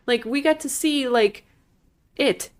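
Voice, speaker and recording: A woman's voice: sits high, takes it slowly. A woman co-hosting a casual movie podcast, reacting with emphatic disgust and sarcasm. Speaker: podcast co-host.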